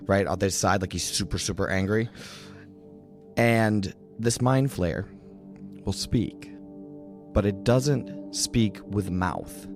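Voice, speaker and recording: A man narrating a tabletop role-playing game as dungeon master, describing scenes in a lively way. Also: low voice.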